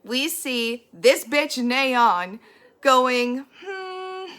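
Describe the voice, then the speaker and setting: A woman with a bright, forceful voice sitting a little high in her range, recapping an episode in a casual vlog. She is blunt and ranty, swears freely and throws her opinions at every character. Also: measured pace. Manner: animated and opinionated.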